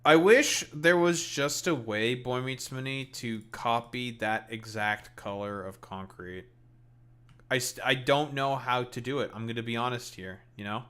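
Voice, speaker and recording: Speaking a little slowly in a smooth, fairly bright medium-pitched voice, a Canadian man streams while gaming. He has a Canadian English accent and rambles through casual chat, swearing offhandedly.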